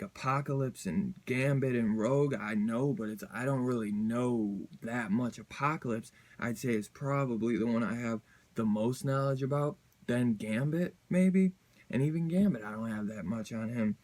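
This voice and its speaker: A man's voice: medium pitch, darkish tone. Rambling casual man reviewing comics. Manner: rambling, lots of fillers and restarts, slangy.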